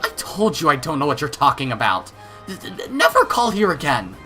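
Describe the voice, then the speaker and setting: A man's voice: mid-range voice, animated, a little fast, pushed and bright, faint music behind. A man voicing a stern, proud middle-aged noblewoman who talks in an indignant, commanding, clipped way.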